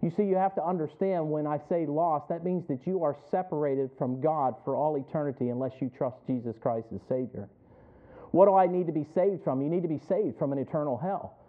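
A male pastor preaching a sermon as a personal story, calling on listeners by name and building to loud emphatic peaks. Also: fairly high pitch, a little fast. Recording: tinny phone-like audio.

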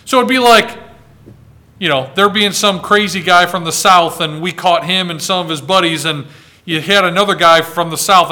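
A man from the United States preaching a sermon, reading scripture aloud and swinging between raised, dramatic lines and hushed, slow ones. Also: high voice. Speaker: pastor.

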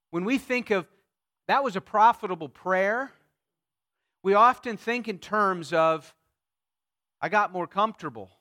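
A man preaching a sermon, retelling scripture in the first person, swelling loud on key phrases and dropping soft after. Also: high-pitched. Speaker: pastor.

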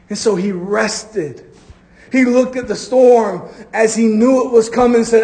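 A man with a fairly high voice preaches a sermon in church. He speaks to his congregation and slows down to lean on key phrases. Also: a little mellow. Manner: preaching with drawn-out emphatic phrases and acted quotes. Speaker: pastor.

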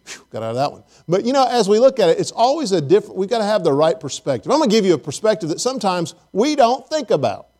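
A male pastor delivering a casual, storytelling sermon in a slightly high voice. He jokes, asks the congregation questions and keeps things friendly and loose. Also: big pitch swings, fast, few pauses, darkish tone. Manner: conversational, joking, speaks straight to the congregation. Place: church service.

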